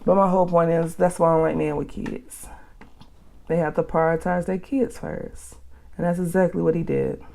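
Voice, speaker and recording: A woman hosts a reaction vlog and hands out blunt advice in a lowish, gravelly voice. Her tone is dark and mellow, and her delivery is animated and full of casual slang. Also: moderate pace. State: out of breath. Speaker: channel host. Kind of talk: reaction commentary to a reader's post.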